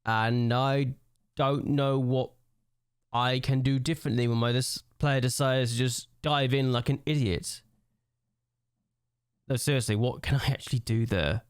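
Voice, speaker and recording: A young man talks through a football management game, venting his exasperation out loud as he plays. His voice sits at an ordinary middle pitch. The sound is close and dry, with no room around it. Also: steady tone, a little slow, long pauses, clear, resonant tone, no echo. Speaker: gaming YouTuber. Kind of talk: let's-play gameplay commentary.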